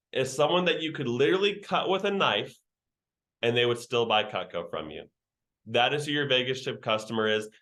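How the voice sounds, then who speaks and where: A young man runs a virtual sales training over a video call. His voice sits at an ordinary middle pitch. He talks in loose slang and ribs his trainees as he goes. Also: sharp tone. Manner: slangy, joking, teasing the trainees.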